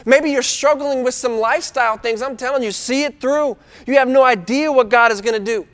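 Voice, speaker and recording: A man preaching to a student crowd as youth pastor, with energetic, conversational delivery and repeated refrains. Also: very high-pitched, a little fast, in a large hall. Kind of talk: sermon.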